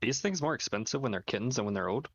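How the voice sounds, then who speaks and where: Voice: medium pitch, lively intonation, fast talker, husky, no echo, highs cut off. A player in a tabletop game over voice chat, playful and often laughing. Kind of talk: casual play over voice chat.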